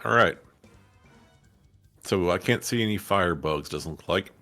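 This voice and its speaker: Male player, very deep and gravelly, relaxed, thinks his moves aloud. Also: a little slow, faint music behind. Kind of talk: casual tabletop game play.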